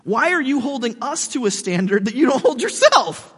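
Casual male preacher with a high voice, slangy and animated, speaking in a hall with long reverb. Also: moderate pace, slightly rough. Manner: slangy and animated, says "dude", restarts words. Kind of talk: casual sermon addressed to skeptics.

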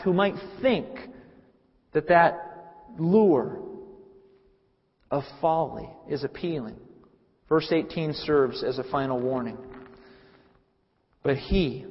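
A man's voice: fairly high pitch, slightly rough. A man preaching a sermon, earnest and emphatic, who repeats phrases for weight. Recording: reverberant hall, muffled sound.

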